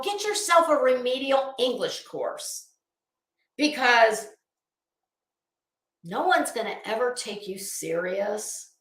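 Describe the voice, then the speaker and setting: A middle-aged woman vents in a casual, profane commentary, her tone sharp with sarcasm. Her voice is bright and sits a little high. The room adds a noticeable echo to every line. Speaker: YouTube commentator. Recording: roomy echo.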